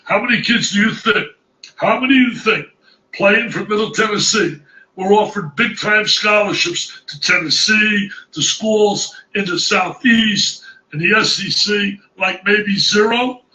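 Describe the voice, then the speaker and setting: Excitable man ranting about a basketball upset. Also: high voice, roomy sound, distant mic, low-quality recording. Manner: animated, exclamatory, repetitive. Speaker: basketball analyst. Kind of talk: excited sports commentary.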